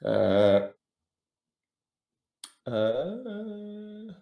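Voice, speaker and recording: A man's voice: high voice, sing-song, very slow, creaky, narrow, tinny audio. Middle-aged male actor, casual fan Q&A over video call, meandering and self-mocking, slightly roomy sound. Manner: rambling, hesitant, full of ums and self-deprecating asides. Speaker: actor answering fan questions. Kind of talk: casual virtual Q&A.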